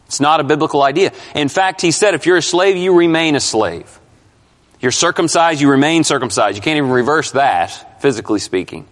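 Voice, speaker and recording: A man's voice: on the high side, lively intonation, brisk, a bit bright. A male pastor preaching an expository sermon, emphatic and questioning his congregation. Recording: long hall reverb.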